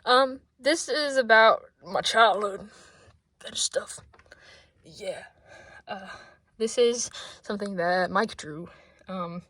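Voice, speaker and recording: A woman in her twenties, out of breath, chatting casually at her desk in a rambling, excitable way that often drops to soft mumbles. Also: medium pitch, takes it slowly, long pauses, no echo. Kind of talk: casual sketchbook tour vlog.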